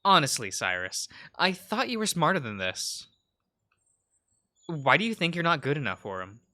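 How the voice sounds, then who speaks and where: A man's voice: fairly high pitch, sing-song, moderate pace, pushed and bright, heavily acted. A man voicing a blunt, fiery young woman florist in a visual novel read-aloud, scolding and bluntly encouraging.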